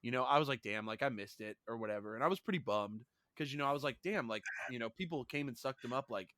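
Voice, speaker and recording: A man's voice: mid-range voice, quick pace, dry recording, studio quality. A man co-hosting a casual podcast chat, telling stories with lots of acted-out quotes. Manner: animated storyteller, acts out quotes. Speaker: podcast co-host.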